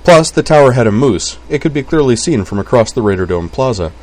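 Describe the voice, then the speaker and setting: A man reading a novel aloud in an even, wry storytelling way. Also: mid-range voice, fairly quick. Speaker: narrator.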